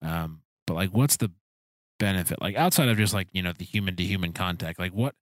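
A man's voice: deep voice, a little fast, no room sound. A man hosting a podcast, asking long, rambling, searching questions in a casual chat. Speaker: podcast host. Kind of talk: casual conversational interview.

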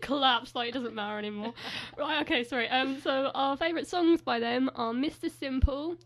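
A young woman with a notably high voice chats casually as co-host. She giggles often and pokes fun at herself. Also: moderate pace. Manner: giggly, self-deprecating. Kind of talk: casual chat.

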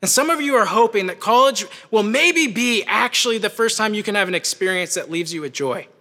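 Young male campus preacher, high, bright, animated sermon, hall reverb. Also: brisk. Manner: animated, conversational, shouts at peaks.

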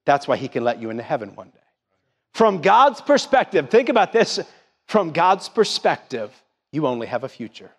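A man's voice: on the high side, sing-song, moderate pace, fairly bright tone, big-room sound. A middle-aged man preaching a sermon in a church, emphatic and full of questions to the congregation. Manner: emphatic call-and-response preaching, rising and falling. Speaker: pastor. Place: church sanctuary.

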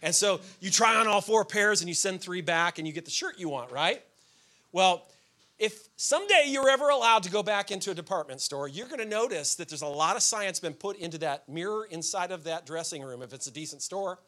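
A man preaching a sermon as pastor, telling everyday stories with sudden shouted outbursts. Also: high-pitched.

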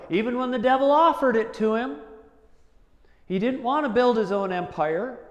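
A man preaches a sermon with a fairly high voice. He talks in a chatty, animated way and acts out the voices he quotes. The sound rings through a large hall with a long reverb. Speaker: pastor.

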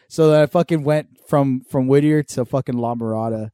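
Swearing guy, mellow voice. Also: brisk, clean tone, dry recording, clean studio sound. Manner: profane storytelling, mimics his dad in a loud high voice. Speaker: podcast co-host. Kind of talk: casual chat.

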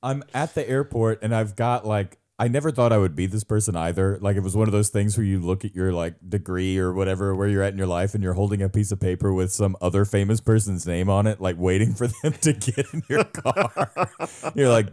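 A man's voice: sits low, moderate pace, darkish tone. A young man co-hosting a podcast, telling a long funny story in casual chat, laughing often and mimicking other people's voices. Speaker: podcast co-host.

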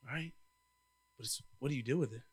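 A young man preaching a sermon, telling lively personal stories and calling out to the congregation. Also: mid-range voice, brisk, husky. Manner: lively storytelling with crowd call-outs. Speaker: church intern preaching.

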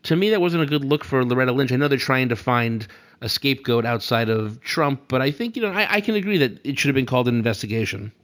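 Fast-talking man, halting political chat. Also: medium pitch, animated, a bit bright.

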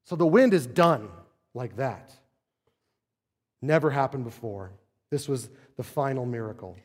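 Pastor, male, casual preaching tone full of rhetorical questions, raised and hushed by turns, echoing sanctuary. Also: mid-range voice, expressive, unhurried. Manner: conversational preaching, rhetorical questions, swings from loud to soft. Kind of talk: sermon. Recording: long hall reverb.

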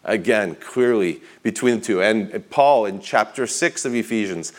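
A man preaching a sermon, explaining scripture in an earnest teaching manner, slowing down to give weight to the passages he reads, with a few restarts and repeated words. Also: fairly low pitch. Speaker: pastor.

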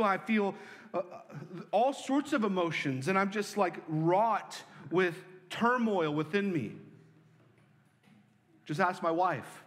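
A man preaching as a pastor, earnest, moving between loud pleading lines and soft hushed ones. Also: high-pitched, animated, takes it slowly. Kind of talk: sermon. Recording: long hall reverb.

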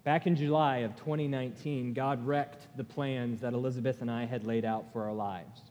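A man preaching a sermon as pastor, earnest and deliberate, lifting his voice when he reads lament passages. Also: medium pitch, fairly even intonation, a little mellow. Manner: slow, earnest, pausing delivery, rising for quoted laments. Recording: long reverb of a large hall.

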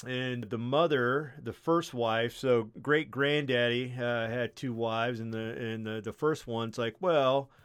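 A man's voice: mid-range voice, fairly even intonation, a little slow, few pauses, fairly bright tone, clear, resonant tone. A man hosting a podcast, casually telling a long story with lots of swearing and fillers. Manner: rambling, profane, many fillers. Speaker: podcast host.

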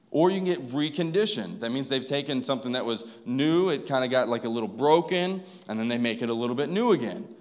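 A man preaching a sermon to his congregation in a casual, conversational way, with asides to the people in the pews. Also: mid-range voice. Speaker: pastor. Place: church sanctuary. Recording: long reverb of a church hall.

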